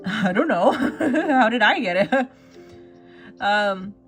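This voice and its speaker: A woman hosting a relaxed art livestream, reading viewers' messages aloud and answering them with frequent giggles. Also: fairly high pitch, drawn-out words, faint music behind. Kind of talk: casual chat with viewers.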